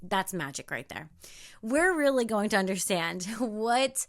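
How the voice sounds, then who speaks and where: A young woman hosting a solo spiritual self-help podcast, animated and swearing freely. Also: medium pitch, unhurried. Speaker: podcast host.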